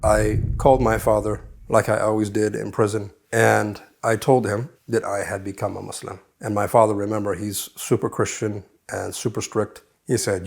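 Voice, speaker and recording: A man with a low, gravelly voice tells his own story. His tone is husky and rough, and he speaks in a measured, quiet way. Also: flat delivery. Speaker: convert telling his story. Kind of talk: personal storytelling.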